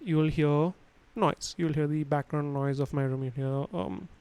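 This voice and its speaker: A man's voice: on the high side, normal speed, darkish tone, clean tone, poor audio. Casual man teaching sound basics. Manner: casual, digressive, many fillers and restarts. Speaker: instructor. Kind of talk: livestream lesson on sound. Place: his home room. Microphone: home studio microphone.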